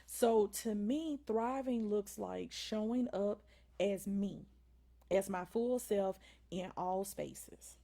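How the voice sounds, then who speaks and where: A woman's voice: mid-range voice, slow pace, gravelly, mellow. A woman with a Southern drawl, hosting a faith-based motivational livestream and often asking the viewers "right?" and "y'all". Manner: preachy, repeats "right?" and "y'all". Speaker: livestream host.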